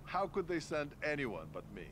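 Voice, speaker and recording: An actor playing a smug, self-important Soviet colonel in a game cutscene. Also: male voice, fairly high pitch, big pitch swings, moderate pace, noisy background.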